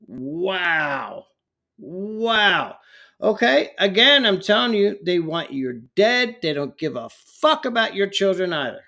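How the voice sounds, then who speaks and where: A man's voice: high-pitched, sing-song, takes it slowly, pushed and bright. A man ranting heatedly in a political commentary vlog, often stumbling over his words.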